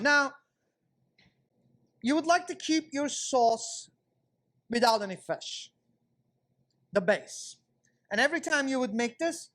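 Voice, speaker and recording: A man's voice: very high voice, fairly bright tone. A man working as a chef instructor, talking viewers through a cooking class demonstration in a kitchen and explaining each step as he cooks.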